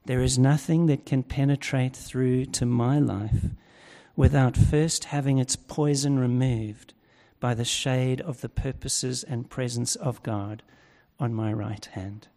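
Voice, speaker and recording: A man preaches in a slow, measured cadence, leaning into his key points with growing force. His voice sits at an ordinary pitch and carries a long reverb from a large hall. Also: steady tone, mellow. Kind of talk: sermon.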